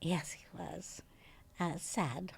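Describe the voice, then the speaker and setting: An older actress with a distinctive, recognizable voice, telling stories as a podcast guest with frequent laughter. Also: female voice, on the low side, takes it slowly, creaky, breathy edge, no echo. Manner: lively, laughs often while telling stories. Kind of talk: casual interview storytelling.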